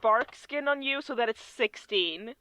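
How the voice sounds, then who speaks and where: A woman plays a tabletop game, talking in a wry, rambling way. Her voice sits slightly high. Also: lively intonation, measured pace, bright, forceful tone, no room sound. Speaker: player. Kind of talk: casual game chat.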